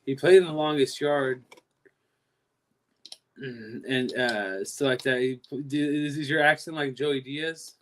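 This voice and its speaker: A man's voice: medium pitch, takes it slowly, fairly bright tone. A man from California with a Californian accent, chatting casually on his own livestream and rambling through long stories with many repeats. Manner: rambling, repeats himself and trails off. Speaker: livestream host. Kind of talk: casual live-stream chat.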